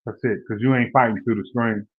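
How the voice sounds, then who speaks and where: A man's voice: medium pitch, fairly even intonation, fast talker, slightly rough. Laid-back man, dull lo-fi sound. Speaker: podcast co-host. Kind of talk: casual sports talk.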